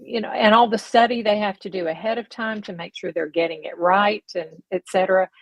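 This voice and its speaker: A woman's voice: medium pitch, fairly quick, no echo, low-quality recording. A woman co-hosting a casual faith talk show, speaking in an earnest, reflective way.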